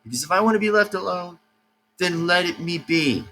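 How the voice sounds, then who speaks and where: A man's voice: high voice, lively intonation, a little fast, bright, forceful tone, slight background noise, rough recording. An agitated young man ranting at the camera as a YouTuber, repeating himself and swearing. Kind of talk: angry rant to camera.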